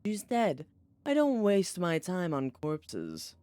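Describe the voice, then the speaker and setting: A streamer voicing a surly, misanthropic house animal in a story game, speaking slowly with cold contempt. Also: mid-range voice, huge pitch swings, darkish tone, voice pushed up. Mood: contemptuous.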